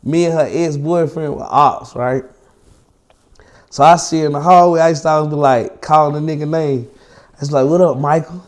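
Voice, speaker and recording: A young man, an interview guest, telling a long personal story in slangy, profane, animated casual talk. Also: a little high, moderate pace.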